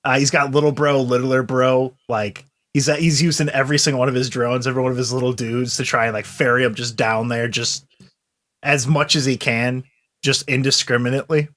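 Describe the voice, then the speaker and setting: A man's voice: medium pitch, steady tone, a little fast, a bit bright. Man thinking aloud as a tabletop player. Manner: thinks aloud with many restarts. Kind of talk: tabletop role-play chat.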